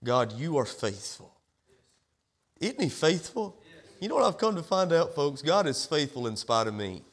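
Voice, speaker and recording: A man's voice: a little high, sing-song, moderate pace. A male pastor delivering a sermon in a church, with a repetitive preaching cadence and rhetorical questions. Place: church sanctuary.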